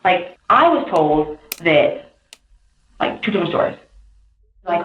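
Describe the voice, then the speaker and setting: A woman tells her account in a rambling, animated rush, piling on fillers and side details. Her voice sits low for a woman and comes through a narrow, phone-like channel with a hollow room echo around it. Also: slow, slight background noise. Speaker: interviewee. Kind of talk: recounting events to police.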